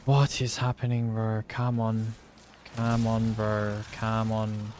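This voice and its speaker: A young man streaming a game live, chatting to viewers in slangy, swearing, excitable gamer talk. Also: on the low side, slow, slight background noise. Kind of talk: live gameplay commentary.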